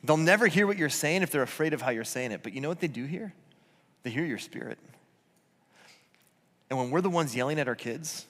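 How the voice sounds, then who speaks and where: A man's voice: mid-range voice, brisk, a bit bright. A man preaching a conversational sermon in a church, earnest and self-deprecating, often restarting his sentences. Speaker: pastor. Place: church auditorium. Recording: reverberant church hall.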